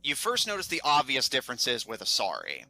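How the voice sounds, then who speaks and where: A man's voice: mid-range voice, huge pitch swings, brisk, creaky, bright, forceful tone, no echo, soft background music. A man narrating as game master of a tabletop game, hesitant with many fillers.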